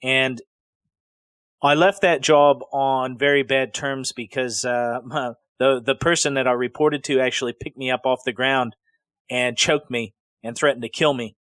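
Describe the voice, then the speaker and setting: A man's voice: mid-range voice, steady tone, a little slow, fairly bright tone, no room sound. A middle-aged man from the Pacific Northwest hosting a podcast, telling stories in a rambling, conversational way full of digressions. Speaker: podcast host. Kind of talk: casual spoken storytelling.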